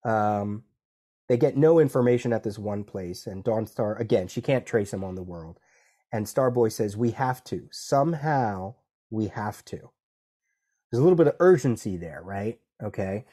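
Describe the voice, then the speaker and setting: A man's voice: fairly low pitch, moderate pace. A man co-hosting a comics podcast, talking casually and acting out lines of dialogue as he recaps issues. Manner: animated, quotes dialogue in character, many restarts. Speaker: podcast co-host.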